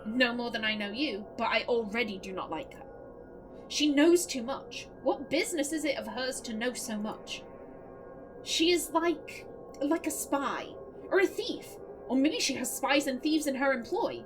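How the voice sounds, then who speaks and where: A woman reading a wary Brazilian woman's game dialogue aloud in her own voice, in a hushed, suspicious way. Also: high voice, expressive, measured pace, rough recording. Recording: voice over game music.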